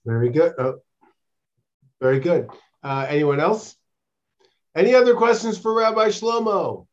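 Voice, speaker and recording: A man's voice: fairly high pitch, a little slow. A man moderating a class and briefly calling on people for questions. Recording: distant and dull lo-fi.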